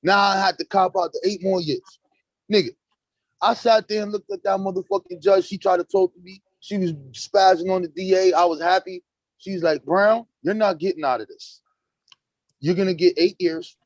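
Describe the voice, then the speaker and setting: Male stream host, high voice, animated profane street storyteller, dry close mic. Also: normal speed, no room sound, highs cut off. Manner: animated, profane street talk, acts out courtroom exchanges. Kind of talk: casual live-stream chat.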